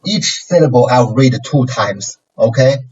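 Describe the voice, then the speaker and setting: A man's voice: medium pitch, lively intonation, measured pace, darkish tone, slight background noise. A man with a Chinese accent teaching pronunciation, patiently repeating syllables with exaggerated tones. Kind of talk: pronunciation lesson. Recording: distant, dull lo-fi mic.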